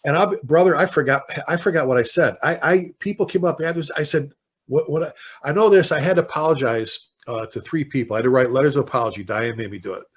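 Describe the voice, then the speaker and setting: A man in his sixties with a Chicago accent, a veteran fire chief telling lively stories as a podcast guest and slipping into impassioned rants. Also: fairly high pitch, fast, husky. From Chicago, United States. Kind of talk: casual podcast interview.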